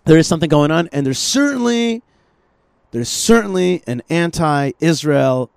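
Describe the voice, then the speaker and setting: A man talks politics on a podcast in an animated, rambling way. His voice sits a bit high, and he keeps repeating himself and restarting his phrases. The sound is dry and close, with no room echo. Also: a little slow, creaky, smooth. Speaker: podcast host. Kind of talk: casual political chat.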